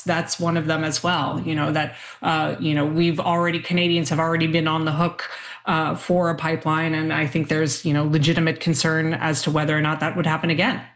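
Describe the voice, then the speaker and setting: A woman's voice: deep voice, level tone, a little fast, reverberant. A woman speaking as a panel guest, hesitant with many fillers and restarts. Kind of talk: panel discussion.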